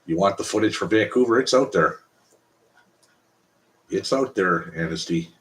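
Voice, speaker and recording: A man's voice: low voice, lively intonation, normal speed, a bit bright. A Canadian man hosting a casual live stream, talking bluntly and profanely in a rambling way.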